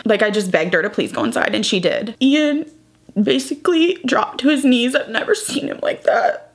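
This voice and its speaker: A woman's voice: a little high, moderate pace. A young woman vlogger, crying as she talks through a painful personal update. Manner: tearful, breaking up while retelling. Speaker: beauty vlogger. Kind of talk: emotional personal vlog.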